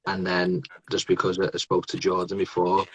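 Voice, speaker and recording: A man's voice: low voice, big pitch swings, normal speed, gravelly, fairly bright tone, slightly rough, poor audio. A man in his thirties hosting a casual podcast interview, chatty and laughing often. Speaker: podcast host.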